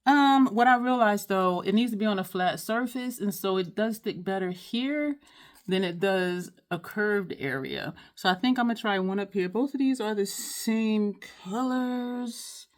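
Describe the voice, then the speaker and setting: A woman's voice: medium pitch, a little slow. Frustrated rambling woman vlogger. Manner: frustrated, rambling, apologetic, repeats herself; sighs often, many fillers and restarts. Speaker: beauty vlogger. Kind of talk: casual makeup tutorial chat.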